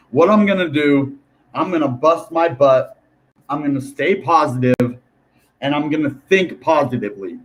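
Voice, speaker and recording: A young man talks through price charts in a loose, rambling way. He sounds animated and chatty, with a voice pitched a little higher than most men. He speaks straight to his viewers like a regular host. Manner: animated, rambling, addresses viewers as guys and dude. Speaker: crypto YouTuber. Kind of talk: casual chart commentary to camera.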